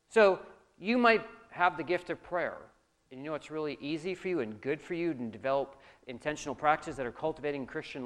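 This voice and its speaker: A man preaching a sermon as a pastor, animated, swinging between loud emphasis and quiet asides. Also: fairly high pitch.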